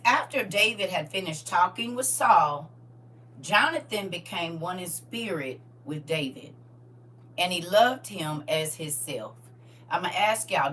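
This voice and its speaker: A woman hosting a live-streamed Bible study, tearful and emotional, chatting warmly and animatedly with her viewers and calling them baby and honey. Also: fairly low pitch, distant mic, a little hiss or hum.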